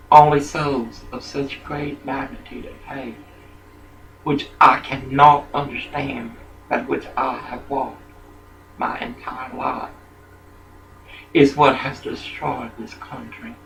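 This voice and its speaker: An older man in a rambling personal monologue, jumping between thoughts and swinging from muttering to loud outbursts. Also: mid-range voice, little pitch movement, slow pace, creaky, long pauses, a little hiss or hum, poor audio.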